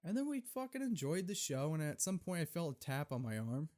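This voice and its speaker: A young man hosting a casual solo podcast, telling stories in a profane, rambling, animated way, recorded on camera. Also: a little high, brisk. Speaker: podcast host.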